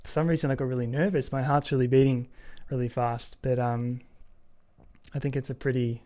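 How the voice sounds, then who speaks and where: A man hosting his own podcast, talking earnestly and haltingly with many pauses and ums. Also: mid-range voice, little pitch movement, mellow. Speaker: podcast host. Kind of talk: casual solo podcast talk.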